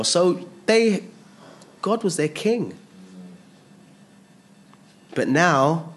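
Male preacher, unhurried, expository teaching style, acts out the people in the passage. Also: high-pitched. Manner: animated, voices the speakers in the passage, rises and drops sharply.

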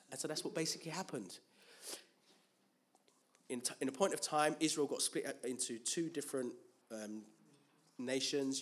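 A man's voice: mid-range voice, a little hiss or hum. A man preaching a Bible teaching sermon, asking rhetorical questions and answering them himself, with frequent restarts and repeated words.

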